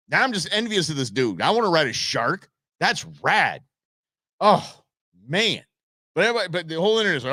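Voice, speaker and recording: A man hosting a live show, talking casually and excitably over video clips and speaking to viewers by name. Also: sits high, fairly quick, dry recording, studio quality. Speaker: host.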